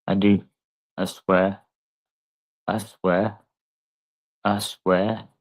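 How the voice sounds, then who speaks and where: Drunk man, streamer, rambling profane rant, lowish voice. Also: level tone, very slow, no echo, low-quality recording. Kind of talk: angry livestream rant.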